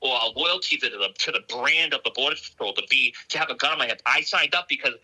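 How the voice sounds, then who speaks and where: Fast, bright Boston man, earnest. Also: mid-range voice, slightly rough, poor audio. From Boston area, US. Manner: earnest, heartfelt, choked up. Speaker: guest, border agent. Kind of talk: emotional remote interview talk.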